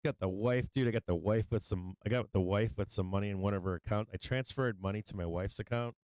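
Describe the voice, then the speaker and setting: Middle-aged man, live trading stream host, rambling and profane, smooth resonant voice, dry close mic. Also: fairly low pitch, fast talker, darkish tone, no echo. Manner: rambling, profane, breaks into gleeful taunting. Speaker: livestream stock market host.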